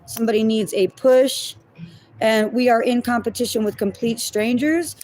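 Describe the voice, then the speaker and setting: A woman's voice: fairly high pitch, fairly even intonation, normal speed, a little mellow, no room sound, low-quality recording. Chatty woman giving a tarot reading. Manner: chatty, thinks aloud, laughs at herself; addresses viewers as y'all and my loves. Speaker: tarot reader. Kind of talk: casual live tarot reading.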